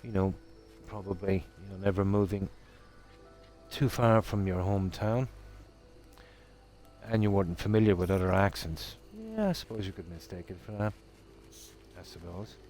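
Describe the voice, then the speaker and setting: A middle-aged Irish man with a Midlands accent chats with his stream viewers in a somewhat low voice. He rambles along in a relaxed, easygoing way and pokes fun at himself. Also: normal speed, pauses often, faint music behind. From Ireland. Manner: relaxed, rambling, self-deprecating. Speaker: game streamer. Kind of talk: casual chat with stream viewers.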